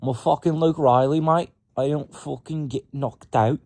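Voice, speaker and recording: A man voicing a boastful male English fighter who swears and brags loudly. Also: on the high side, steady tone, normal speed, dry recording, pitched above the performer's own voice, natural voice. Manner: shouty bragging, swearing.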